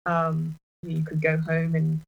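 A woman telling a personal story in casual chat, halting, with many restarts. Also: low voice, monotone, gravelly, lo-fi sound, slight background noise. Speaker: partner sharing a personal story.

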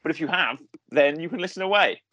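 A man hosts a casual review chat, wandering through his points and hunting for the right word. His voice sits a little high. The sound is close and dry. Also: expressive, quick pace, bright, forceful tone, no echo, lo-fi sound. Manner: rambling, searching for words, jokey. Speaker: podcast host.

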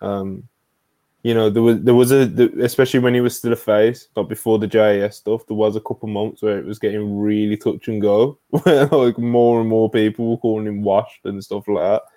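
Laid-back man hosting a podcast, dark tone. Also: on the low side, steady tone, brisk, no room sound. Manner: laid-back, trailing filler words, reads out super chats. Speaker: podcast host. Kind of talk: casual podcast chat.

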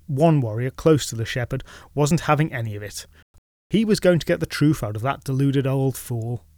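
A man's voice: medium pitch, a little mellow, dry recording. Guy telling an old legend, wry and chatty, mid voice, super dry close mic. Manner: wry, conversational storytelling. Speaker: storyteller. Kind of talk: narrating a legend with asides.

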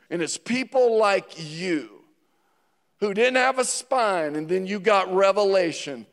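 A man's voice: high voice, expressive, unhurried. A man, a pastor preaching a sermon, calling on the congregation to answer back. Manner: call-and-response preaching, prodding the congregation. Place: church sanctuary. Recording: long reverb of a large hall.

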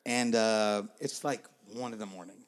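A man from Puerto Rico telling stories in casual podcast chat, lively and acting out voices. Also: fairly low pitch, moderate pace. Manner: lively storyteller, acts out voices.

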